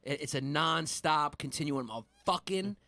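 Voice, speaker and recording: A man's voice: fairly high pitch, normal speed, bright, forceful tone, no echo. A man co-hosting a comedy podcast, teasing and swearing freely in casual banter. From Brooklyn. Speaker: podcast co-host.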